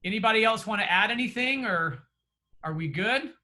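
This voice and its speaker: A man's voice: high-pitched, lively intonation, moderate pace, sharp tone. A man giving earnest, encouraging closing remarks as a real estate trainer over a video call, with frequent fillers and restarts.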